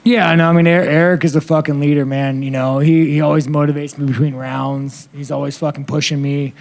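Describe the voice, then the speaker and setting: A man's voice: on the high side, level tone, fairly quick, darkish tone. A man fielding reporters' questions at a post-fight press conference, blunt and rambling, swearing constantly and laughing at himself.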